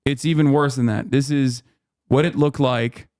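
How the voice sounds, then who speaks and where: A man's voice: mid-range voice, steady tone, normal speed, darkish tone. A man in his thirties hosting a livestream, explaining at length in a heated, profane way, full of fillers and restarts. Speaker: streamer host.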